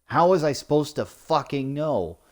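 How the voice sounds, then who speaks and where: A man's voice: fairly high pitch, animated, normal speed. A young man ranting in post-game commentary, swearing often and mocking the story with sarcastic put-on quotes. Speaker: gaming YouTuber.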